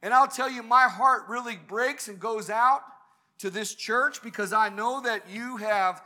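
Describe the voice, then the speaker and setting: A man's voice: very high-pitched, measured pace, sharp tone. A man preaching a sermon at a church service, fervent and building to emphatic peaks.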